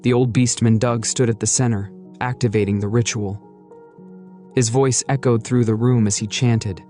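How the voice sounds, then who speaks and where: A man's voice: medium pitch, fairly even intonation, moderate pace, warm tone, soft background music. A man narrating a comic story recap in a playful, jokey storytelling manner.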